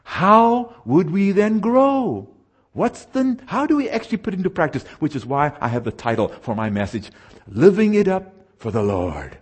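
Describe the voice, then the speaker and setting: A man preaching a sermon, slowing down to stress verses and asking the audience questions. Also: sits high, big pitch swings, husky. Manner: emphatic, slows down to stress scripture, asks audience questions.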